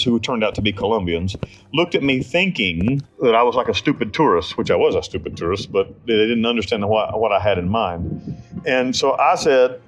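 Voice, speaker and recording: A man's voice: mid-range voice, highs cut off. An American man telling his life story in an interview, with blunt, rambling speech, profanity and frequent restarts. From United States. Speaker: interview subject.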